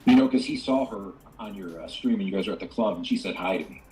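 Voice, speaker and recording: Deep-voiced man ranting rapidly. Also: a little mellow, slight background noise, poor audio. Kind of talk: chat on a played stream clip.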